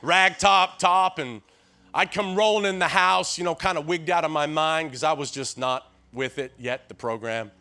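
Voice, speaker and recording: A guest preacher from Tennessee, in his sixties, speaks at a moderate pace in a slightly high voice. His sermon leans on folksy stories he often restarts, and he keeps urging the audience along with lively call-and-response.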